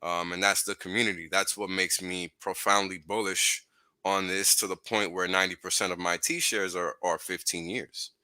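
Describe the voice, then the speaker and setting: A man with a very deep voice and a sharp, bright tone speaks earnestly and gratefully in a laid-back way. He is a guest on a casual livestream, heard through a dry computer mic. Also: flat delivery, normal speed, smooth, no echo.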